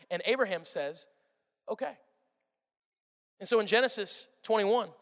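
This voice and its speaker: A man giving a sermon with animated storytelling, his voice swinging from loud bursts to hushed words. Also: high-pitched. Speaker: pastor. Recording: long reverb of a large hall.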